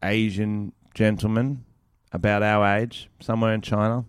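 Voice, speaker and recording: A young Australian man with a lowish voice trades crude jokes in relaxed podcast banter. He swears freely and jokes with a loose, casual delivery. His voice is recorded close and dry, with no room sound. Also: normal speed, clear, resonant tone, no room sound. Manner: crude, joking, swears a lot. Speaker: podcast co-host.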